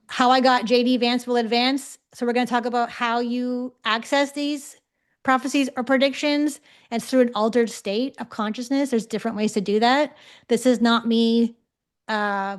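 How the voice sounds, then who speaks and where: Chatty woman teaching an online class. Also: on the high side. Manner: conversational, checks in often with 'okay?'. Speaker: psychic development teacher. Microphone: video call.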